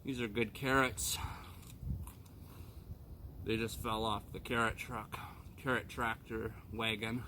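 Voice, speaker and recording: A man's voice: on the low side, level tone, slow pace, pauses often, pushed and bright, a little hiss or hum. A young man rambling casually to his camera outdoors on rural land, loose and self-deprecating. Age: young adult. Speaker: vlogger.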